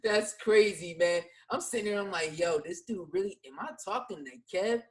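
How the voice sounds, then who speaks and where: A man hosting a podcast interview, relaxed and slangy, with lots of short affirmations. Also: sits high, normal speed. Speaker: podcast host. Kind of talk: casual interview chat.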